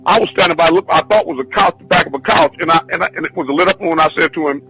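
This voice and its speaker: A man teaching a spiritual class, telling a long personal story in an excited, rambling, repetitive way. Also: on the high side, rapid-fire, breathy edge, faint music behind, poor audio. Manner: excitable, repetitive, restarts often. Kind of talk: rambling spoken testimony.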